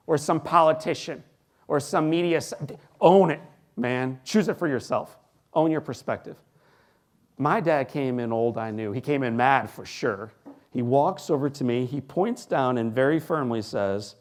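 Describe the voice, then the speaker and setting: A man in his forties gives an inspirational keynote speech from a stage, telling his own story. He has a mid-pitched voice and swings from quiet, slow moments to loud, punchy lines. His dramatic pauses carry the story. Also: expressive. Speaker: keynote speaker. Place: large hall before a live audience.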